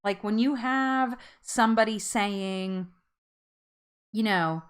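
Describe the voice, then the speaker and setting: A woman's voice: medium pitch, takes it slowly, clear, resonant tone. A woman hosting a casual live-stream chat with viewers, chatty and rambling, often laughing at herself.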